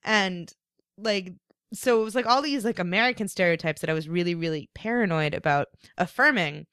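A woman's voice: fairly low pitch, brisk, clear, resonant tone, no echo, clean studio sound. A woman co-hosting a podcast, telling stories in casual chat with lots of filler words. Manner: storytelling, animated, many fillers. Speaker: podcast co-host.

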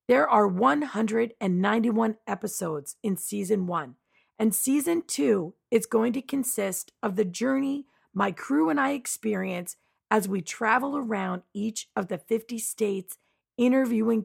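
A woman hosting a podcast in a music studio, talking in an upbeat, encouraging way with a hoarse morning voice. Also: medium pitch. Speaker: podcast host. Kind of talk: casual interview chat.

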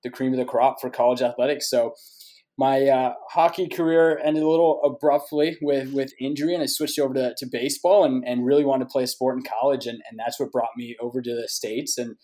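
A man's voice: medium pitch, steady tone, a little fast, mellow. Friendly Canadian-raised man guest. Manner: friendly, with many restarts and repeated words. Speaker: podcast guest. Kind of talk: casual interview talk.

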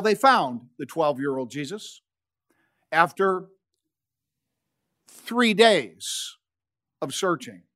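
Lively, slow-speaking older male pastor. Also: sits high. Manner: storytelling with dramatic pauses and humor. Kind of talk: sermon.

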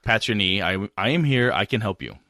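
A man voicing a flustered, over-polite gentleman who stammers and fawns over an old lady. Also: lowish voice, animated, a little fast, no echo, clean studio sound, voice pushed down. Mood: eager.

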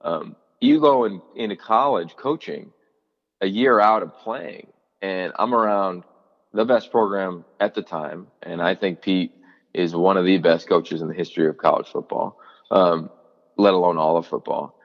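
A man in his forties, a college football analyst who once played and coached, tells stories in a podcast interview with a low voice at a moderate pace. He's an animated storyteller, full of fillers and restarts, and acts out the quotes he recalls. The lo-fi recording carries a big-room sound.

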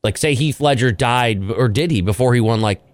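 A man's voice: mid-range voice, moderate pace, dry recording. A man co-hosting a radio talk show, joking loosely with his partner in casual chat.

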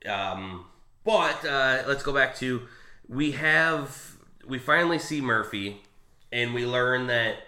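A man chatting casually about a comic, rambling and halting with fillers and restarts. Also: medium pitch, sharp tone, reverberant. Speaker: co-host discussing a comic. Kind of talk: casual chat.

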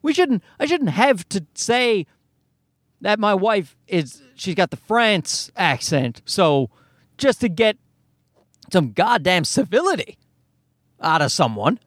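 High, lively voice of a man ranting. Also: slow, no echo, studio quality. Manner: profane, exasperated ranting. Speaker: storyteller. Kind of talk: comedic storytelling rant.

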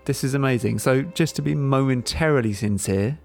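A man co-hosting a casual podcast, dry and wry, slowing down to read out facts. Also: mid-range voice, gravelly, soft background music. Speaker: podcast co-host. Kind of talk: casual chat.

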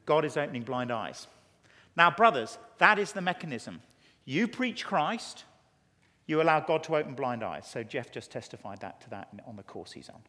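A man with an English accent preaching a conference sermon, telling stories and acting out quotes in an animated way. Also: fairly high pitch, normal speed. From England. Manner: animated, storytelling with acted quotes. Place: large conference hall. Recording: long hall reverb.

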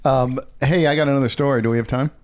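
A man's voice: mid-range voice, fairly even intonation, quick pace. A man co-hosting a podcast, reading odd news stories in a teasing, casual way. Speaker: podcast co-host.

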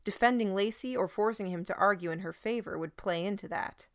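A woman reading a first-person story aloud in a steady, even narrating manner. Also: medium pitch, a little fast, no room sound, clean studio sound. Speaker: audiobook narrator.

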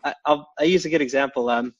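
A man's voice: fairly high pitch, husky, no echo, muffled recording. A man speaking as a podcast guest in casual chat, stumbling over restarts and fillers. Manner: halting, many restarts and fillers.

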